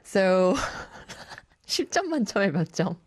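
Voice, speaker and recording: A woman hosting a morning radio show, chatting in a bubbly, giggly way and switching quickly between languages. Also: mid-range voice, big pitch swings, a little mellow, breathy edge, dry recording, studio quality. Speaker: radio host. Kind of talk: bilingual radio talk.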